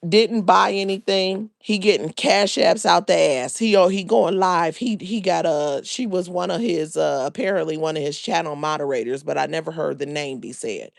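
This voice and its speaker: A woman's voice: low voice, gravelly, no echo, studio quality. A woman hosting a live reaction stream, talking bluntly and sassily in slang. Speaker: livestream reaction host. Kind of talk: casual live reaction commentary.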